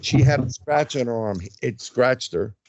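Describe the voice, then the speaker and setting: A man's voice: mid-range voice, normal speed, no room sound, muffled recording. A man who investigates the paranormal, telling his experiences in a casual interview and acting out what others said. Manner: animated storyteller, acts out quotes.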